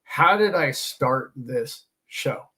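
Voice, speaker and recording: A man's voice: mid-range voice, lively intonation, takes it slowly, pushed and bright. A man hosting a casual monologue, talking in an emphatic, preachy way and mocking his doubters. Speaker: host.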